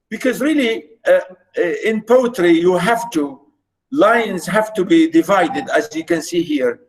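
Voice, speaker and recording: A man's voice: high voice, a little slow, poor audio. A man lecturing on poetry, repeating himself often with many fillers and restarts. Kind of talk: recorded lecture.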